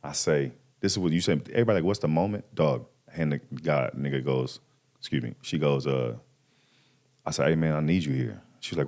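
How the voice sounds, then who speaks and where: A very deep voice at a fairly quick clip: he's a thirtysomething podcast guest sharing a personal story in a laid-back way. He's animated and slangy, acting out whatever voices he quotes.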